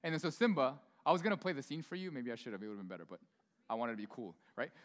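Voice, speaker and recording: A man preaching a sermon in a church, in a chatty, informal way full of asides and quick questions to the congregation. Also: medium pitch, sing-song. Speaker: pastor. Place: church sanctuary. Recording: long hall reverb in a church.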